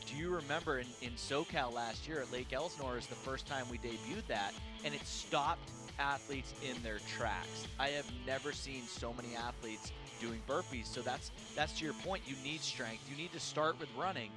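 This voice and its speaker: Man, mid-pitched voice, co-host, music underneath, easygoing. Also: moderate pace, hardly any pauses. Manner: conversational, agreeing interjections. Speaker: co-host commentator. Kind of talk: live sports preview commentary.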